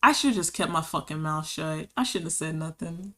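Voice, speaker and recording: Woman streamer, bright tone, casual live-stream chatter, giggling, reading chat. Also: deep voice, lively intonation, normal speed, hardly any pauses.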